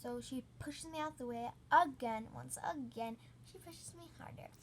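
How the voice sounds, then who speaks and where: A woman's voice: high-pitched, normal speed, slight background noise. A woman hosting a storytime channel, recounting a story in a rambling, casual way with lots of "like". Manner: rambling, heavy use of "like".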